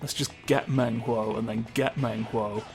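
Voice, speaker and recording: A man with a gravelly, creaky voice riffs through his playthrough in a loose, joking way, cursing freely as he goes. Loud game music plays behind him. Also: medium pitch, steady tone, a little slow. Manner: rambling, jokey, swears often. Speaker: let's play host. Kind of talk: casual gameplay commentary.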